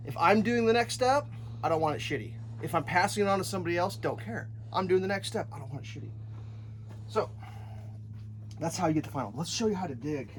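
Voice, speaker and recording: High-pitched and set against slight background noise, this man's voice belongs to a home builder working an outdoor site. While he digs and scrapes, he narrates a casual how-to vlog in a blunt, jokey style, swearing freely. A handheld camera captures it, with some shots held one-handed by the builder himself.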